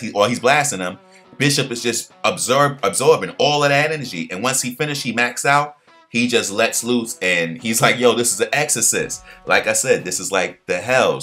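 A man casually recapping a cartoon episode, retelling scenes with slang and fillers and acting out quoted lines in a higher voice. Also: bright, forceful tone. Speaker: pop culture commentator.

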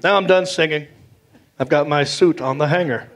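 A middle-aged man with a Southern US accent telling animated stand-up stories on stage, acting out the voices he quotes. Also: fairly high pitch, normal speed. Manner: animated, acts out voices, drawling. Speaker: stand-up comedian. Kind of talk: stand-up storytelling. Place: comedy stage. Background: audience laughter.

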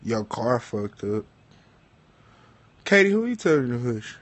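Husky-voiced man ranting, bored and profane. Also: mid-range voice, big pitch swings, unhurried. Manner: profane, spells words out loud, talks back to people off mic. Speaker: vlogger. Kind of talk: casual rant to camera.

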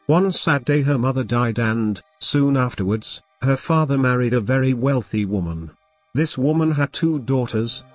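A man narrating a fairy tale as a scripted bedtime story, reading calmly and gently at a steady pace. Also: medium pitch, breathy edge.

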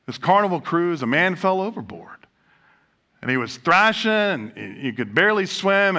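A pastor preaches in a church sanctuary, telling humorous stories and putting rhetorical questions to his congregation. His voice is high-pitched with a sharp edge.

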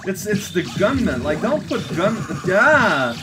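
A man's voice: sits high, very animated, unhurried, hardly any pauses. A man commenting on his video game playthrough, rambling and joking at himself. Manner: rambling, jokey, self-mocking. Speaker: let's play commentator. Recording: game music playing behind.

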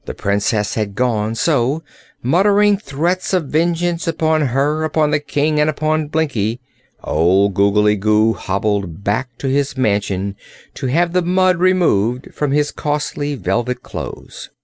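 Male narrator, slow and animated, dry close studio sound. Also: medium pitch, no echo. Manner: expressive storytelling. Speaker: audiobook narrator. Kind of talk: scripted narration.

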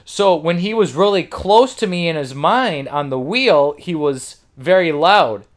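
A man's voice: fairly high pitch, expressive, measured pace. A man hosting a podcast, telling a rambling, profane story with frequent laughs. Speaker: podcast host.

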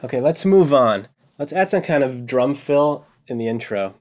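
Young guy chatting loose and relaxed while he makes music, middle-pitched voice, faint synth playing under him. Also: normal speed. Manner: relaxed, thinking aloud while composing. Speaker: music composer and video host. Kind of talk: casual studio vlog narration. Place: home music studio with synthesizers.

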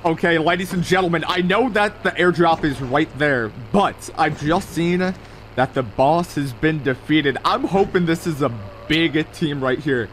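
A man's voice: on the high side, a little slow, a bit bright, a little hiss or hum, poor audio. A young man streaming a mobile shooter, giving hyped play-by-play commentary and talking straight to his chat with lots of exclamations. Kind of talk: excited gameplay commentary.

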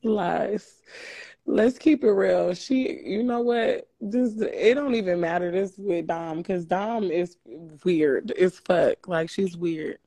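A woman's voice: on the low side, takes it slowly, mellow, husky, dry recording. Woman gossiping on a live stream, blunt and cussing, dry close sound. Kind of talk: casual live stream chat.

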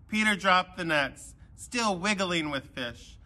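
A man giving a children's sermon, telling a Bible story with animated voices for the characters. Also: high voice, takes it slowly, hardly any pauses. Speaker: pastor.

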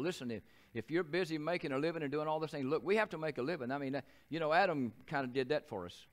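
An older man with a Southern US accent preaches a sermon as a pastor in a church, his voice on the high side and fast with few pauses. He tells folksy stories and often repeats and restarts his phrases.

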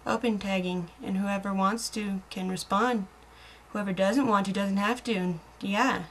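A woman's voice: medium pitch, fairly even intonation, measured pace, slight background noise. A young American woman chatting casually in a video blog, rambling and self-mocking, with giggles and voice dropping to murmurs. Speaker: vlogger.

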